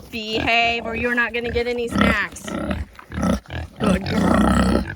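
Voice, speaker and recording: A woman's voice: on the high side, huge pitch swings, slow, creaky, pauses often. A woman homestead vlogger talking casually and affectionately to her pigs as she hand-feeds them in an outdoor pen. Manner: coaxing, affectionate pet talk to animals. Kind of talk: casual talk while hand-feeding pigs. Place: outdoor farm pig pen. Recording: loud pig grunts and farm noise.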